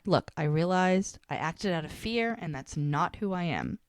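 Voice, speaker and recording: A woman's voice: fairly low pitch, normal speed, hardly any pauses, dry recording, clean studio sound. Woman animatedly recapping a scene. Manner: animated retelling, acting out both characters' lines. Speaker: podcast co-host. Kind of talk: casual recap chat.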